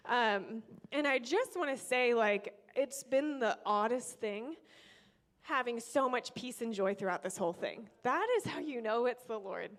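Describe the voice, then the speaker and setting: Young woman, vlogger, excitable storyteller, slightly high voice. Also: unhurried. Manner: excitable, animated, with bursts of praise. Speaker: vlogger and kidney donor. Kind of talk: casual faith-filled storytelling.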